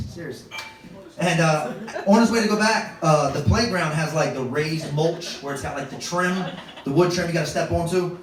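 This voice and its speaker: A man's voice: a little high, noisy background. A man in his thirties doing a storytelling stand-up comedy set on a club stage, wry and self-deprecating. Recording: echoey club room, distant mic, audience laughter.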